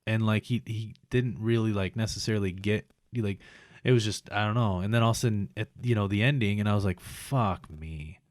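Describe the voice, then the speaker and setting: A man's voice: lowish voice, steady tone, fast talker, no room sound, clean studio sound. A young man hosting a casual chat, rambling with many restarts and frequent swearing. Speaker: host. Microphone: headphones.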